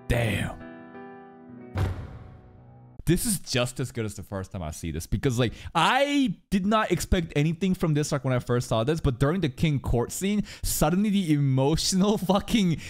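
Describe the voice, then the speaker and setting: A young man gushes through an anime reaction, his voice riding high and swinging wildly up and down. He swears constantly and slips into mock voices for the characters. Faint music plays underneath. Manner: excitable, swears often, mock-quotes characters. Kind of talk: casual reaction commentary.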